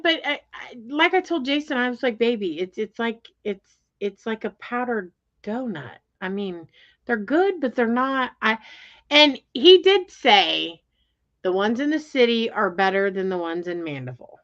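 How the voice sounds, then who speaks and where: A woman telling a story in casual chat, animated and exasperated, with lots of fillers and restarts. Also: fairly high pitch, normal speed. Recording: dull lo-fi sound.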